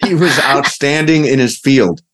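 A man's voice: medium pitch, moderate pace, a bit bright. A man hosting a podcast, playful and joking in a casual, rambling chat. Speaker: podcast host.

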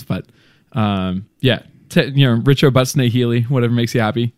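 A man from Australia, guest on a podcast, talks about being a skydiver in a mid-range voice with a partly Americanized Australian accent. He speaks rapid-fire, rambling and poking fun at himself, with no echo in the recording.

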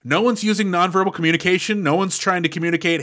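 A man's voice: high voice, steady tone, quick pace, hardly any pauses, a bit bright. A man co-hosting a podcast in casual chat, analyzing a film's plot in a chatty way. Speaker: podcast co-host.

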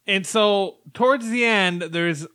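A man hosting a podcast, talking in casual chat. He rambles through his explanations and laughs often, and his voice sits slightly high. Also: slow pace, pushed and bright, clear, resonant tone. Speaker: podcast host.

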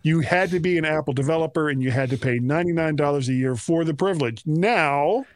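Playful American podcast host, dry sound. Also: male voice, a little high, brisk, no echo. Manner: playful, self-interrupting, mock-formal. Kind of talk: casual chat.

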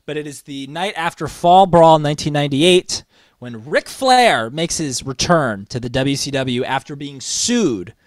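A man's voice: on the high side, lively intonation, unhurried, dry recording. A man co-hosting a casual wrestling chat, telling stories with enthusiasm as he counts down a list. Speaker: wrestling podcast co-host.

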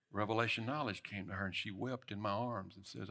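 A man's voice: on the low side, steady tone, brisk, creaky. Emphatic preacher man. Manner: emphatic, swinging between loud bursts and soft murmurs. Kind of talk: sermon.

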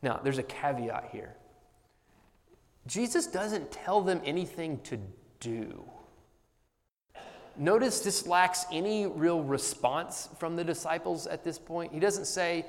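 Male pastor, slightly high voice, earnest sermon delivery, long hall reverb. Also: unhurried. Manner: earnest, emphatic, with sudden bursts of animated humor.

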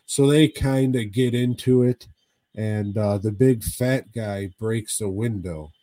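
A man's voice: fairly low pitch, slow pace, dark tone, no room sound. A man co-hosting a podcast, recapping a horror movie in casual chat, swearing often and rambling. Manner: profane, rambling, drawling recap. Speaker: podcast co-host.

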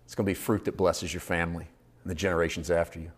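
A male preacher delivering an impassioned sermon in a lowish voice. He moves between hushed, close delivery and loud, shouted peaks. He speaks to a church congregation. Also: flat delivery, fast. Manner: impassioned, swings from low intimate to loud shouting.

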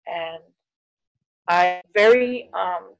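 Middle-aged woman, podcast guest, lively storyteller who acts out quotes and sinks to a near whisper. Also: on the low side, very slow, gravelly, dull audio. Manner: animated storyteller, acts out quoted voices, drops to near whisper at hard moments. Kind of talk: personal storytelling interview.

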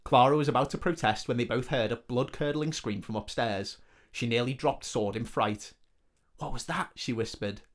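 A man's voice: mid-range voice, normal speed. A man reading a comedic fantasy story aloud in a joking manner. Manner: joking, laughs between lines.

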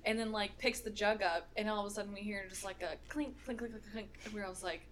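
A woman's voice: medium pitch, fairly even intonation, fast talker, fairly bright tone, a little hiss or hum. A young woman co-hosting a podcast, telling a story in a rambling, casual way, laughing often and swearing freely. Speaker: podcast co-host.

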